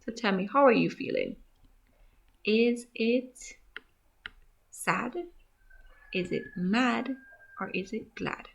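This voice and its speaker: Slow, gravelly-voiced woman teaching phonics. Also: fairly high pitch, a little hiss or hum. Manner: slow, sounding out letters and words; gentle, encouraging, asks questions to young pupils. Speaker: grade one teacher. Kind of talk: phonics lesson for young children.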